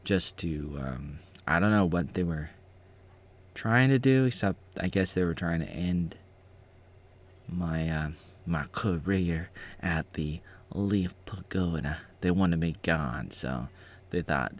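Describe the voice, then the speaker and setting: A man's voice: low-pitched, a little slow. A man giving casual, rambling reaction commentary on his own old footage, often restarting his sentences.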